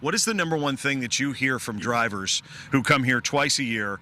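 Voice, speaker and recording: A man's voice: mid-range voice, expressive, normal speed, sharp tone. A man hosting a local TV racing preview, with polished presenter delivery. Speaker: TV sports host. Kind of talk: broadcast interview and narration.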